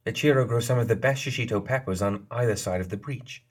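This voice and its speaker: A man's voice: mid-range voice, quick pace, pitched above the performer's own voice, lightly acted. A man reading the lines of a sly, smug female geisha leader in an audiobook, playful and knowing in tone. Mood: smug, teasing.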